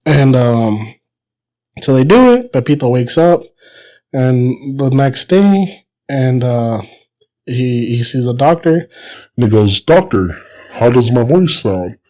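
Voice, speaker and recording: A man co-hosting a podcast, telling a long joke in a casual way and clearing his throat often. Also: mid-range voice, big pitch swings, slow, long pauses, a little mellow. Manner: storytelling with voiced characters, frequent throat clearing. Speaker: podcast co-host.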